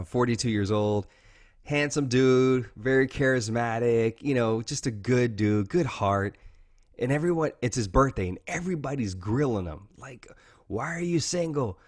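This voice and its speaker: A man's voice: mid-range voice, normal speed. Earnest man, heartfelt interview talk. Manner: earnest, heartfelt, fillers like "man" and "you know". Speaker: guest.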